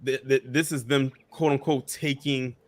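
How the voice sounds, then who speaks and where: Measured co-host, mid-pitched man. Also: steady tone, dry recording. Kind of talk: casual group talk show.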